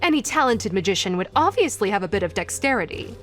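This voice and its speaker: A woman's voice: mid-range voice, very animated, fast, fairly bright tone, soft background music. A woman voicing a playful adult woman magician who speaks in a prim, teasing way. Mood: coy.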